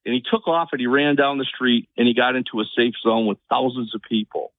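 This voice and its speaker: A man's voice: medium pitch, lively intonation, no echo. A man phones in to a radio talk show and speaks through a thin, phone-band line with no room sound. He restarts his sentences often. When he gets worked up, his voice pushes upward. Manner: halting restarts, voice rising with anger. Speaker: radio caller. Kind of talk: emotional call-in story. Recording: tinny phone line, dry.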